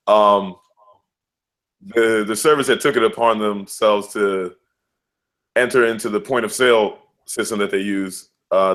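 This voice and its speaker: A man co-hosting a casual podcast, telling stories in a loose, slangy way and acting out the people in them. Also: lowish voice. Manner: loose, slangy storytelling with animated quoted voices. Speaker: podcast co-host. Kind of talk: casual sports and news podcast chat.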